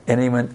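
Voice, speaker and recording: A man teaching a devotional scripture class in an unhurried, plain-spoken way, telling personal stories. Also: a little mellow.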